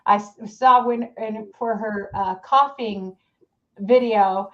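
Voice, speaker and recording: A woman's voice: fairly high pitch, fairly even intonation, slow. Gossipy woman on dull lo-fi audio. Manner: gossipy, mocking. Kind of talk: casual chat. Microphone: livestream mic.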